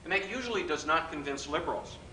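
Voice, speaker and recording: A man's voice: fairly high pitch, fast. Wisecracking man lecturing in an echoey hall. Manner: wisecracking, animated storyteller with quips and mimicry. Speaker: workshop speaker. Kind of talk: live workshop lecture. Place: hotel function room. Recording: roomy hall recording with faint background noise.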